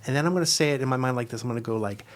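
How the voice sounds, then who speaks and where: A man of ordinary pitch talks through a spiritual practice step by step, earnest and reflective. He slows down now and then to lean on key words, like a guest teacher on a podcast. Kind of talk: explaining a devotional method.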